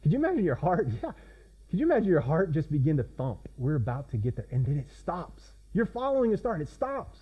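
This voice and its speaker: Male pastor, conversational sermon delivery, fairly high voice, dull lo-fi sound. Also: sing-song, brisk, breathy edge. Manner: conversational, asks the congregation questions.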